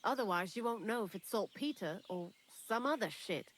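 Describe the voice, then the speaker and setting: A woman gives a lightly acted game performance in an expressive mid-range voice at a moderate pace. She plays a chatty young woman hiding out in a thieves' lair, candid and morbid in a dry way.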